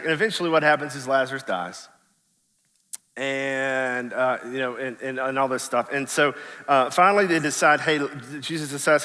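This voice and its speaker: A man's voice: mid-range voice, fairly quick, pushed and bright, big-room sound. A man, a pastor, preaching a sermon in a casual storytelling way, acting out the people in the story. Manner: casual storytelling, acts out quotes in voices. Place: church sanctuary.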